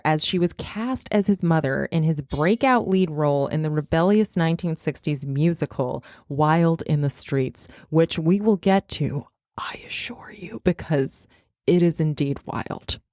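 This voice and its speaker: A woman hosts a podcast, walking through a gossip-filled story in a chatty, wry way. Her voice sits low. The sound is dry and close to the mic. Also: a little slow, hardly any pauses, a little mellow, dry recording. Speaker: podcast host. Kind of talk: casual chat, narrating researched gossip.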